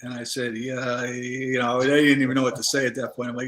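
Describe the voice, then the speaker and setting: A man, a former federal agent, telling stories in a casual interview, relaxed and rambling with many fillers. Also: medium pitch, quick pace.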